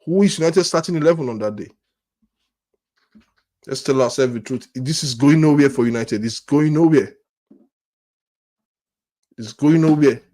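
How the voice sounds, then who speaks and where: A man's voice: a little high, normal speed, long pauses, mellow. A man hosting a football fan channel, ranting with frustration, often repeating and restarting his words and firing off rhetorical questions. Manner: repetitive, stammering restarts, exasperated rhetorical questions. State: angry and disappointed. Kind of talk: frustrated fan rant to camera.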